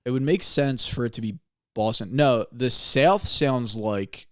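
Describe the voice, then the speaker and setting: A man's voice: mid-range voice, expressive, unhurried, fairly bright tone, no room sound, clean studio sound. A young man co-hosting a casual comedy podcast, talking loosely and offhand. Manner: loose, offhand, says "like" a lot. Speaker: podcast co-host.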